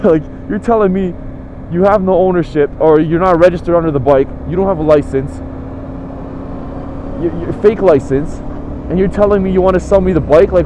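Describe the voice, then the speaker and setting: A man's voice: high-pitched, brisk, background noise. Exasperated young man ranting outdoors. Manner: profane, exasperated, sarcastic. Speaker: motorcycle vlogger. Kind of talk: casual storytelling rant.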